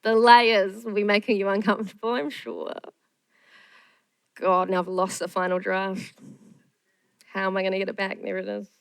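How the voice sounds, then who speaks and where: A woman's voice: medium pitch, a bit bright, smooth, no room sound, low-quality recording. A woman screenwriter giving a candid masterclass talk, frank and self-deprecating.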